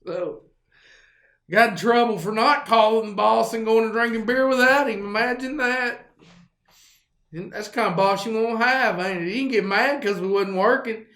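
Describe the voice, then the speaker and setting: A man spins a loose, folksy yarn as host of his own show. His voice sits quite high and wanders through fillers and false starts. The sound bounces around an echoey room. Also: moderate pace, sharp tone. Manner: rambling, folksy, with many fillers and restarts. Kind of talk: casual storytelling monologue.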